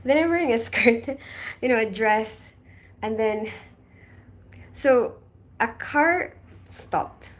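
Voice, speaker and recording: A woman chatting casually on a live stream, telling a travel story in a lively, animated way and reading viewer comments aloud. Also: on the high side, slow pace, pauses often.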